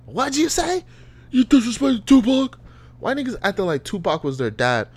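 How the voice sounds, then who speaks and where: Guy doing an outraged rap fan, high and loud, can't believe what he heard. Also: huge pitch swings, normal speed, slightly rough, no room sound, full character voice. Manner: outraged, incredulous.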